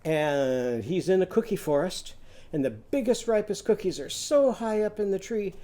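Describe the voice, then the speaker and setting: A teacher leading a phonics lesson for young children, chanting in a sing-song call-and-response with drawn-out vowels. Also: mid-range voice, expressive, warm tone.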